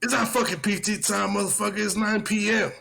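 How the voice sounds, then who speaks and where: A man's voice: high-pitched, fairly even intonation, brisk, creaky, bright, forceful tone, a little hiss or hum, voice pushed up, heavily acted. A man acting out a drunk army sergeant who has been woken up. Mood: indignant.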